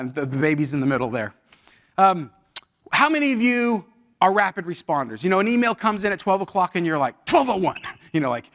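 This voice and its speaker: Guy in his 40s giving a leadership workshop in a hall, kinda high voice, chatty, asks the crowd stuff. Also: fairly bright tone. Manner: conversational storytelling with audience questions. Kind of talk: live workshop talk. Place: university event hall.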